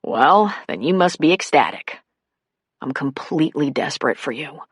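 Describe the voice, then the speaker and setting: A woman reading as a soft-spoken devoted man. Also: low-pitched, sing-song, moderate pace, husky, no room sound, clean studio sound, heavily acted. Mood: tender. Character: tender rugged man, a devoted lover. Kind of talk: audiobook character voice.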